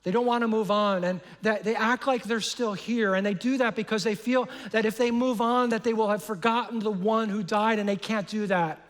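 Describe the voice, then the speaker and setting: A middle-aged man preaching a sermon as pastor, earnest, often restarting and repeating words, dropping soft and low on painful words. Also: fairly even intonation, moderate pace, hardly any pauses. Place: large church auditorium. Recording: long hall reverb.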